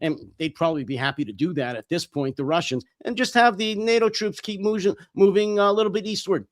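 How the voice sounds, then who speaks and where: A hoarse man in a heated political commentary, blunt and angry, swearing freely. His voice sits a little high for a man, and the sound is close and dry with no room around it. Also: fairly quick, no room sound. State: voice worn out. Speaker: co-host.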